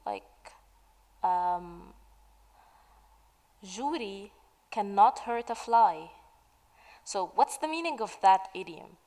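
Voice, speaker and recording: A woman teaching the meaning of idioms in a slow, patient way, asking questions and then answering them. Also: medium pitch, a little mellow, big-room sound, poor audio. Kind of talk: slow explanatory lesson narration.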